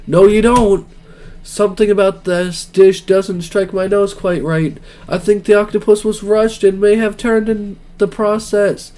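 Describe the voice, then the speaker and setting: A man's voice: high voice, fairly even intonation, unhurried, dark tone, pitched above the performer's own voice. A man voicing a self-important young male chef who speaks in a theatrical, pompous way. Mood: fussy.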